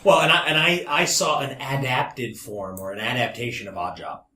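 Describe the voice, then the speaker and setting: A man's voice: medium pitch, moderate pace, bright, forceful tone. A man playing in a tabletop game, chatting casually and playfully on a podcast. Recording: echoey room.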